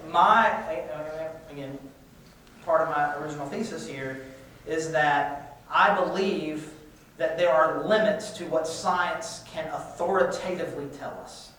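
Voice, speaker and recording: A man's voice: fairly high pitch, fairly bright tone. A man giving a casual lecture to a class, talking conversationally with frequent restarts. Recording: echoey room, far-off mic, faint hiss.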